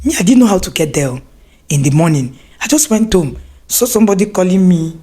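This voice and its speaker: A Nigerian woman in her forties tells a story on a podcast. Her pitch swoops up and down, she laughs often, and she acts out the voices of the people in her tale. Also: lively intonation, brisk, dark tone. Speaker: guest, wife telling how the couple met.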